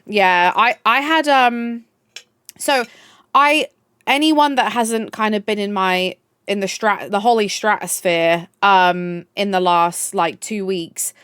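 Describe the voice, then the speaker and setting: A woman's voice: medium pitch, takes it slowly, a bit bright, clear, resonant tone, dry recording, studio quality. A young woman live streamer chatting casually with her viewers, bubbly and gushing, swearing freely. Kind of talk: casual chat.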